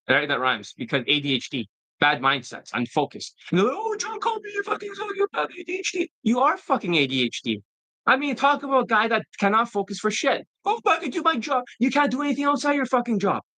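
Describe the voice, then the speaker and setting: Bright, combative male dating coach. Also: a little high, no echo, poor audio. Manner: profane, combative, mocking. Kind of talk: casual ranting monologue.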